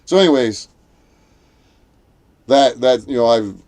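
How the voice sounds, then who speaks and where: This man speaks slowly with a somewhat mellow voice, telling a wandering story in casual chat with many restarts. Whenever he quotes someone, he acts it out at a higher pitch.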